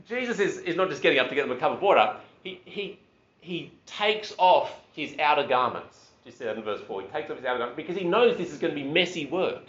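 Male preacher, casual lively delivery, dull roomy recording. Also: on the high side. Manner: conversational, animated, with self-deprecating asides. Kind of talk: sermon.

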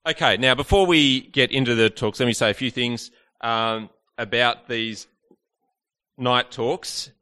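A man leads an evening church talk in a loose, chatty way, teasing his listeners and filling gaps with ums. His voice is bright and forceful, sitting at a middling pitch. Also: unhurried, clean tone. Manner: chatty and playful with the audience, many fillers. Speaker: preacher.

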